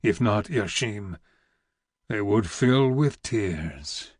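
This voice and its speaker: Guy doing a heavy old vizier, deep rumbly growl, slow and grave, dry close audiobook sound. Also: lively intonation, breathy edge, dry recording, full character voice. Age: older. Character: old heavy weary Ottoman grand vizier. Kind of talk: audiobook reading.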